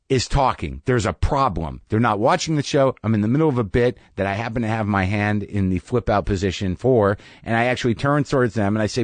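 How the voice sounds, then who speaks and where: Dry-sounding man telling a wry story. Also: dry recording. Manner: wry, profane storyteller, mimics voices with high yelps. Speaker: podcast host. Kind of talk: casual storytelling monologue.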